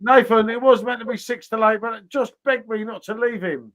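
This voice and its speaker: A middle-aged man hosting a casual live chat over beers, loud and sweary in his banter, talking over a video call. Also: very high voice, steady tone, moderate pace. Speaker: host.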